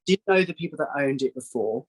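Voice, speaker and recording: Man, casual chat guest, lively storyteller, voices other people higher, middle pitch. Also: a little fast, slightly rough, rough recording. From England. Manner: animated, acts out quoted voices with a higher pitch. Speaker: psychic guest.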